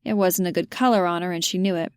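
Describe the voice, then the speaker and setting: A woman narrating a romance audiobook, lively and giving the characters their own voices, on a close mic. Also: fairly low pitch, quick pace, smooth, no room sound.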